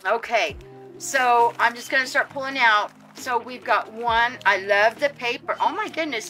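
Casting: effusive woman vlogger, high bright voice, chatty unboxing, emotional. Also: measured pace, soft background music. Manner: gushing, chatty, frequent fillers and exclamations. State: teary, voice catching at times. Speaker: vlogger running a reborn doll channel. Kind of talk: casual happy mail unboxing. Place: outdoors.

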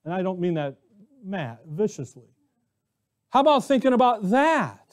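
Pastor, male, very high voice, emphatic sermon delivery full of rhetorical questions. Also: sing-song, normal speed. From Arizona, US.

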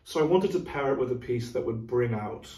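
A man's voice: medium pitch, expressive, a little fast, a little mellow, far from the mic. Middle-aged man, music director type, thoughtful explainer, room echo, mic a bit off. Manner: thoughtful, explanatory, sings rhythms aloud. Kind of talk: casual chat about classical music. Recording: roomy, from off mic.

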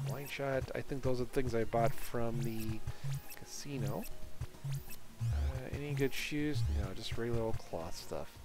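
A man's voice: medium pitch, a little slow, over music. A man giving casual, rambling commentary on a video game he is playing, chuckling as he goes. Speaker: let's play host.

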